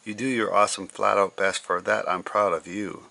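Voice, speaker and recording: Guy doing a cheery frog buddy from a storybook, kinda gravelly, bright and upbeat. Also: lowish voice, little pitch movement, moderate pace, slight background noise. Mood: encouraging. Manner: upbeat, reassuring. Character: cheerful male frog, a loyal encouraging friend.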